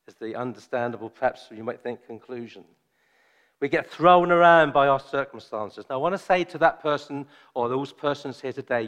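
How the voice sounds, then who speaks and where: A man preaching a sermon, joking and chatty with his congregation at first, then slow and solemn. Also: medium pitch. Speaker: visiting preacher.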